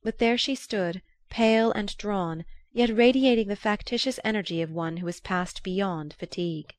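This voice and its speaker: A woman narrating a classic novel aloud in a measured, even storytelling manner. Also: medium pitch, no echo. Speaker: audiobook reader. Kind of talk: scripted narration.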